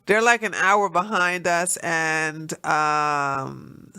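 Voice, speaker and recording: A woman's voice: deep voice, fairly even intonation, extremely slow, pushed and bright, smooth. A woman hosting a livestream in casual, rambling chat, her nose stuffed up from allergies, laughing often between thoughts. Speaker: livestream host.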